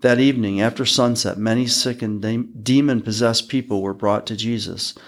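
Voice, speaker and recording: A man hosting a podcast, reading Bible passages aloud in a measured, even way. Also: mid-range voice. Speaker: podcast host reading scripture. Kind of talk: scripture reading.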